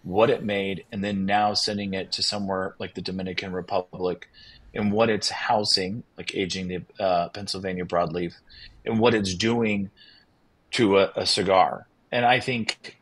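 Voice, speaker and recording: A man's voice: deep voice, moderate pace, poor audio. A man, a winery owner guest on a podcast, telling his story in a casual, enthusiastic, rambling way. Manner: enthusiastic, rambling, quotes others in lively bursts.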